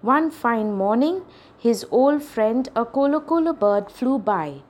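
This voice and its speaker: A woman tells a classic animal tale to children, speaking to them directly and colouring the lines with expression. Her voice sits fairly high for a woman. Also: animated, slow pace. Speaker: storyteller. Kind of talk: reading a story to children.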